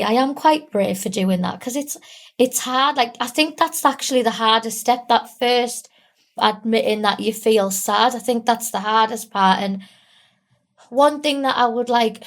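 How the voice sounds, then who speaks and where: Tearful young woman, candid and halting. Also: fairly high pitch, gravelly. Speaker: guest. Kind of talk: emotional interview.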